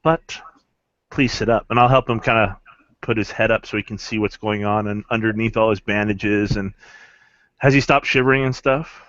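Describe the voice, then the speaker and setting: Low-voiced man playing a tabletop game. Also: steady tone, fairly quick, a bit bright, no echo. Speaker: player. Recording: dry, dull lo-fi recording.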